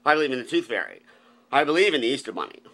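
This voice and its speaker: A man's voice: medium pitch, very animated, racing, a bit bright. A man hosting a comedic vlog, flamboyant and gushing, recorded on a phone. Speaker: vlogger host.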